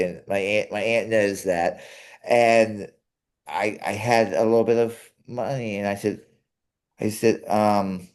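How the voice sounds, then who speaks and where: A young man co-hosting a casual chat, earnest and halting, often restarting his sentences. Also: lowish voice, darkish tone. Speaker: co-host.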